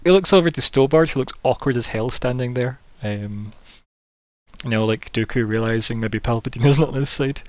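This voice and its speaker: A man's voice: mid-range voice, moderate pace, no room sound. Male game master, casual and rambling, dry, close sound. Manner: relaxed, loose narration with fillers. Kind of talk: narrating a tabletop game.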